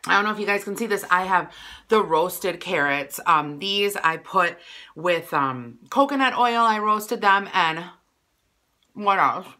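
Bright-voiced chatty woman eating on camera. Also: mid-range voice. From Wisconsin. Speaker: vlogger. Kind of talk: casual mukbang vlog chat.

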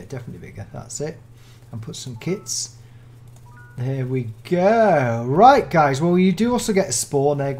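A speaker with a British accent giving casual gameplay commentary as a Minecraft mod showcaser, gushing and excitable, full of gasps and oohs. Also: medium pitch, vocal fry, slight background noise.

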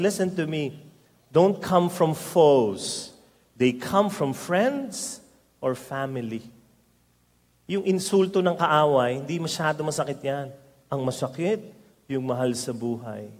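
Filipino preacher in a big echoing hall. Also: male voice, on the high side. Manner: lively storytelling preacher mixing languages. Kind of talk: sermon. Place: large worship hall. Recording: long hall reverb.

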